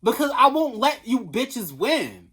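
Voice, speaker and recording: A woman's voice: on the high side, big pitch swings, unhurried, breathy edge. A woman venting in a casual vlog rant, sassy and rambling, talking straight to her viewers and swearing freely. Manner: bursts into loud laughing, shrieking tangents. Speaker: vlogger. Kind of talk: casual commentary rant to camera.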